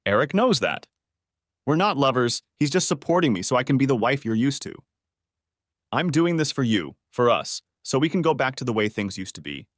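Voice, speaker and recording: A man's voice: mid-range voice, very animated, moderate pace, no room sound, clean studio sound. A man reading the part of a tearful, apologetic wife who pleads with her husband, his voice raised for her. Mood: pleading.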